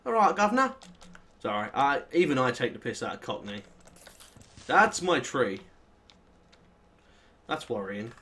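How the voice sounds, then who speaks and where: A young British man with a British accent, chatting and swearing casually as he plays through a modded game, with sudden excitable outbursts. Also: mid-range voice, measured pace, pauses often. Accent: British English. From Britain. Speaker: gaming channel host. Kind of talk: casual Let's Play commentary.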